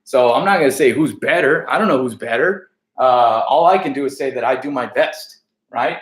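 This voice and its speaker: An American comedian's mid-range voice comes across expressive and reverberant, at normal speed. In this casual backstage chat he rambles profanely, frequently restarting what he's saying.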